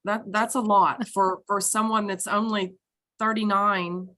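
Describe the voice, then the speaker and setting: A woman's voice: mid-range voice, little pitch movement, a little slow, fairly bright tone. A woman on a video call explaining and showing a product step by step. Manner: explanatory, demonstrating an item. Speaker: product presenter.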